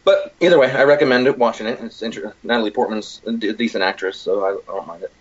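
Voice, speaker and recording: A man with a low, husky voice talks loosely and excitedly, piling on fillers and swear words as he recounts things. The recording is a bit dull and lo-fi, like a home podcast setup. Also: fast talker. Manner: rambling, profane, animated retelling. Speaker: podcast co-host. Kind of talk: casual chat.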